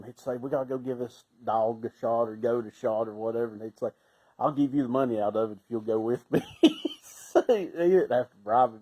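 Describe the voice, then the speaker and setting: A middle-aged man with a Southern Appalachian accent, telling casual stories in a folksy way, laughing often and sometimes breaking into loud shouts. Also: medium pitch, rough recording. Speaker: storyteller. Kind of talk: casual storytelling.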